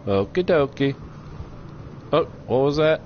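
Playing through a game on his channel, a medium-pitched man delivers goofy, jokey let's play commentary, slow but lively. The highs are cut off, and there's a little hiss or hum in the recording.

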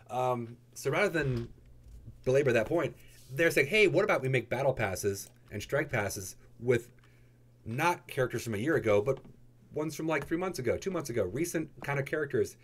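Animated, joking gaming host. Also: male voice, brisk. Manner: playful, jokey, swings into high excited squeals. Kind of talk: casual game news commentary.

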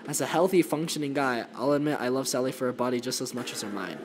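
Devoted young boyfriend, read by a man, earnest, pleading, mid pitch, noisy recording. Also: fast, natural voice.

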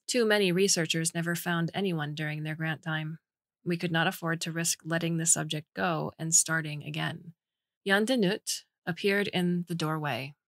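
Woman, audiobook narration, even clear delivery, lowish voice, dry recording. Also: no room sound.

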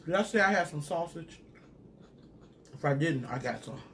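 A man's voice: a little high, lively intonation, normal speed, a bit bright, slight background noise. A man in a casual food-review vlog who chats straight to his viewers and hums and murmurs while he eats. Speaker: mukbang vlogger reviewing a sauce.

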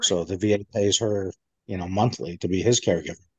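A man's voice: deep voice, brisk, mellow, husky, no echo. A man, a military veteran, telling a long story in a casual interview, rambling with many fillers and restarts. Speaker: guest, veteran.

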